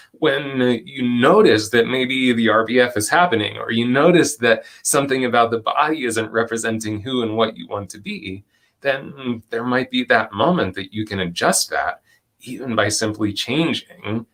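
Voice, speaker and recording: A man leads a live online workshop in a gentle, reflective voice, slowing right down on the phrases he wants to land. His delivery is calm and encouraging as he picks up comments from the chat and answers them. The tone stays soft and unhurried throughout. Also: medium pitch. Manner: gentle, reflective, with slow deliberate stretches and soft laughs. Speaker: presenter and educator.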